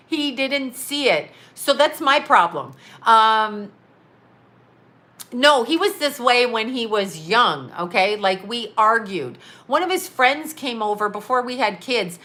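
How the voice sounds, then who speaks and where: Candid, laughing woman on a bright phone livestream. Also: a little high. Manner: candid, rambling and blunt, laughing often. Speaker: psychic medium and vlogger. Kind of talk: casual livestream chat. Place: small home studio indoors. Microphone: phone camera.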